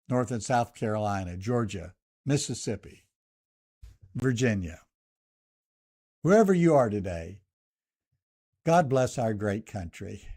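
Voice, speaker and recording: An older man with a Southern US accent speaks as a radio host, setting out items one by one in a measured cadence. His voice sits at an ordinary male pitch. He delivers reflective commentary and prayer. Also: mellow.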